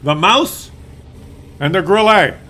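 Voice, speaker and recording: A man's voice: high-pitched, animated, slow pace, sharp tone. A man giving casual, playful commentary on a tank game replay, rambling and teasing as he goes.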